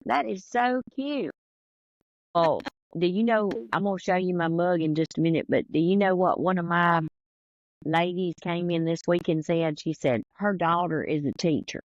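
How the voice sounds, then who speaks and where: A woman's voice: fairly low pitch, moderate pace, no room sound, muffled recording. A woman with a Southern US accent and a drawl, chatting casually as a podcast co-host and telling stories. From American South. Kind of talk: casual chat.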